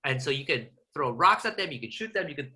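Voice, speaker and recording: Bright, animated man telling stories. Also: a little high. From Southern California. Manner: animated, rapid storytelling with restarts. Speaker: podcast guest, journalist. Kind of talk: casual interview chat.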